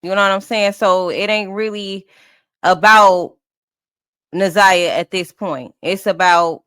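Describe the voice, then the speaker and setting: A woman's voice: mid-range voice, fairly even intonation, takes it slowly, a bit bright, clean tone, no room sound, clean studio sound. A woman streamer giving blunt, profane, offhand commentary while reacting to an interview.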